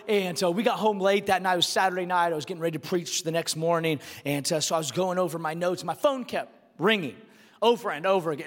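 A man preaching a sermon as pastor, shifting from low, quick storytelling to loud, emphatic declarations. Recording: long hall reverb.

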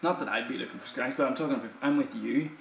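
A man co-hosting a casual podcast, chatty and quick to laugh, calling himself a loud person. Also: mid-range voice, vocal fry. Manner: laughs often, self-described loud person. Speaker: podcast co-host. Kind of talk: casual chat. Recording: echoey room, faint hiss.

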